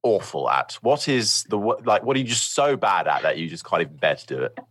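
A man's voice: fairly low pitch, sing-song, a little fast, a bit bright, no echo. A man co-hosting a podcast, asking questions with dry humour. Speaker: podcast co-host. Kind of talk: casual chat.

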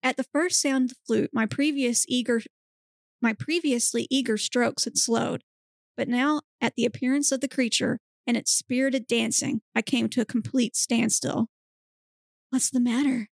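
Woman podcast host reading aloud: deadpan, gravelly edge, dry close mic. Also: fairly high pitch, moderate pace, no echo. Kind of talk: dramatic reading of erotic fiction.

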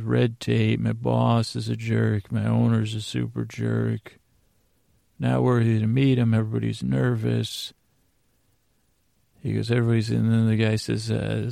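A man hosting a sleep podcast, recapping a TV episode in a meandering, halting way with many pauses and self-corrections. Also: mid-range voice, creaky, mellow, dry recording, studio quality. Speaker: podcast host.

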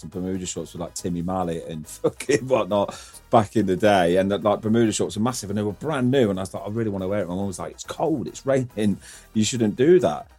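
Lively husky man laughing through a story. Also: lowish voice. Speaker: podcast co-host. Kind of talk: casual storytelling chat.

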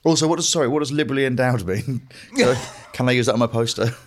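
A man's voice: mid-range voice, quick pace. A man from Grimsby, a comedian guest on a podcast, telling rambling, self-deprecating stories in casual chat. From Grimsby, England.

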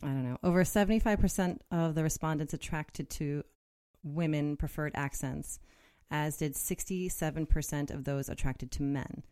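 A woman's voice: sits low, moderate pace, darkish tone, clean tone. A woman co-hosting a podcast, chatting casually, reading from an article and laughing often. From Connecticut. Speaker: podcast co-host. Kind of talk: casual chat.

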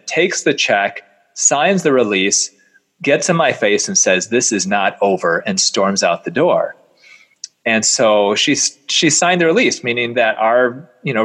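A middle-aged man, a plastic surgeon, telling a story in an animated way and acting out the voices of the people in it. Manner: acts out quoted voices, rises sharply in pitch when incredulous.

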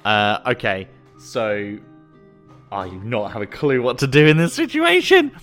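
A man's voice: mid-range voice, very animated, unhurried, fairly bright tone, soft background music. A man playing in a tabletop role-playing game, flustered and laughing with frequent exclamations. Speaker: player. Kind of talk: tabletop role-play chat.

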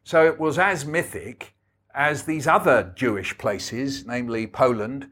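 An older man talks through his memories at a book event. His delivery is wry and anecdotal, unhurried, sitting at an ordinary middle pitch. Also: fairly bright tone. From England. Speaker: author guest. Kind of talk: storytelling book talk.

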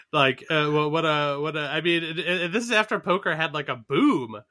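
Bright-voiced man, dry and close. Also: fairly high pitch, big pitch swings, normal speed, no echo. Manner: musing, wry, many fillers. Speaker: podcast co-host. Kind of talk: casual chat.

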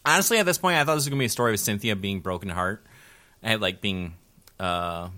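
A man's voice: on the low side, fast talker, bright, forceful tone. A man co-hosting an anime podcast, recapping episodes with crude jokes and frequent laughs. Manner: crude joking, laughs often. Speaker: podcast co-host. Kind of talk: casual anime recap chat.

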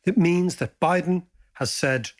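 A man with a high-pitched, slightly slow voice hosts a podcast and chats animatedly with his co-host. He keeps things light with jokes and lively stories.

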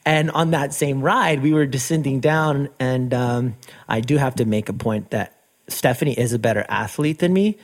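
A middle-aged man whose first language is Spanish, telling stories as a podcast guest in a lively, casual way, acting out quoted voices. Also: medium pitch, normal speed. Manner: animated, acts out quoted voices with laughs. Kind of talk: casual storytelling interview.

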